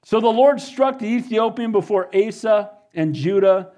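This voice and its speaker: A man's voice: high-pitched, normal speed, warm tone. Fervent man preaching a sermon. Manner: preaches with rising, fervent emphasis and repeated "Amen?". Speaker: pastor.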